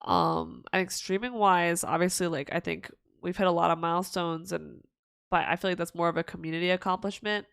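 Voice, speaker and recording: A woman's voice: on the low side, fairly even intonation, fairly quick, vocal fry, fairly bright tone, clear, resonant tone, no echo, clean studio sound. Giggly, rambling young woman streamer. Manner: rambling and giggly, with many restarts. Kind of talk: casual livestream chat answering viewer questions.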